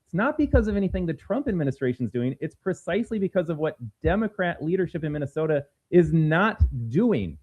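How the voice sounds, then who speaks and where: A man co-hosting a political talk show, speaking in an animated, emphatic, sarcastic way. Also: fairly high pitch, brisk, husky. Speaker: podcast co-host. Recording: phone-like narrow sound.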